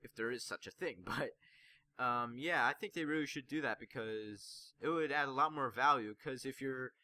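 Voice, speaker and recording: A man's voice: medium pitch, moderate pace, pushed and bright. A man making a casual gaming video, rambling through his suggestions with many fillers and sometimes losing his train of thought.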